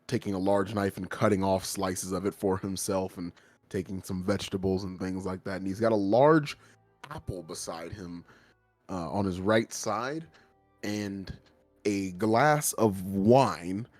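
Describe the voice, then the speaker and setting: Man, game master, low voice, unhurried, descriptive, fillers, faint music. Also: no room sound. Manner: relaxed, descriptive, frequent filler words. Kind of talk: narrating a tabletop game.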